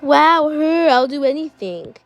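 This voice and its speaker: A woman voicing a grumpy, lovestruck teenage boy in a toy role-play, in a lowered voice. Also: animated, measured pace, no echo, dull audio, soft background music. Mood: smitten. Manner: sulky, whiny, smitten.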